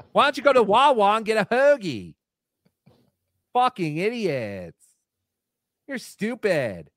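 A man doing an impression of a grumpy male comedian, ranting gruffly and insulting trick-or-treaters. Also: sits high, a bit bright, no room sound, clean studio sound, full character voice.

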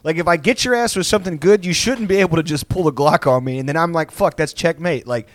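A man's voice: fairly high pitch, fast talker, dry recording. A young man from Texas, rambling through crude comedic banter, laughing often and acting out insults. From South Houston, Texas.

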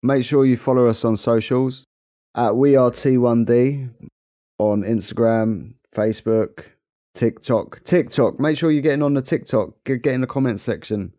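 A man's voice: mid-range voice, normal speed, warm tone, no echo, studio quality. A young man with a London accent, co-hosting a podcast in easygoing, jokey chat. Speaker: podcast co-host. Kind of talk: casual chat.

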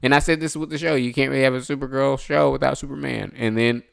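A man's voice: medium pitch, steady tone, fast, creaky, clean tone. A man co-hosting a podcast in casual chat, argumentative and swearing freely. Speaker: podcast co-host.

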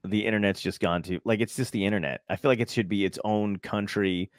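A man with a lowish voice chats loosely on a podcast, swearing freely and laughing as he rambles. The sound is dry and close, with almost no room around it. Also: steady tone, fast talker, no echo. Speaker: podcast host. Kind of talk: casual chat.

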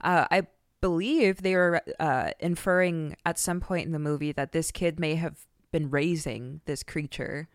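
A woman's voice: sits low, fairly even intonation, a little slow, no echo, clean studio sound. A woman co-hosting a casual podcast about a film, blunt and swearing freely. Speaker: podcast co-host.

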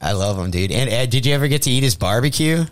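A man's voice: mid-range voice, fast talker, dry recording. A young adult man telling a story in casual chat, swearing freely and acting out the lines of the people in it. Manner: profane, animated storyteller acting out quotes. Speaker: comedian guest. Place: radio studio.

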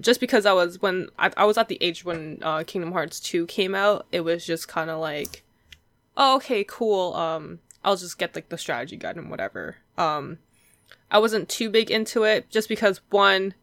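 Woman, young adult, casual chat, chatty, laughing, low pitch, dry. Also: a bit bright, dry recording. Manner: chatty storyteller, laughs often, acts out quoted voices. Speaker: guest collector.

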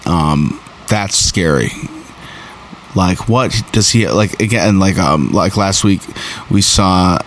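Man, host, rambling episode recap, slightly low voice, faint noise behind. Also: takes it slowly. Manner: rambling and excitable, many fillers and restarts. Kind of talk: casual episode recap and review.

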